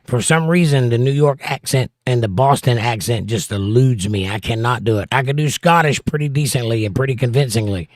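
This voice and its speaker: Speaking briskly with few pauses, a medium-pitched, middle-aged Southern man hosts a livestream, joking as he reads out viewer comments. The casual chat has clean studio sound without echo.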